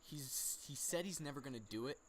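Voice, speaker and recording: A man's voice: medium pitch, brisk, a little hiss or hum. A man co-hosting a casual pop-culture chat, thinking aloud with hesitant, trailing phrases. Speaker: co-host.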